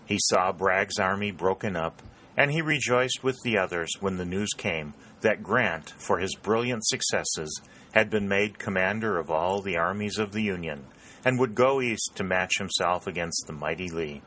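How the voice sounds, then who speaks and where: A man reading an audiobook in a measured, even narration. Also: sits low.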